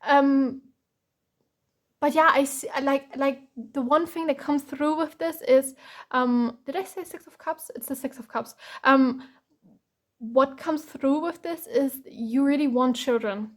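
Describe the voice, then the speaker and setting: High-voiced woman reading tarot. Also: unhurried. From Germany. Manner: chatty and rambling, many fillers and restarts. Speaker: tarot reader. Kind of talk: rambling tarot reading to camera.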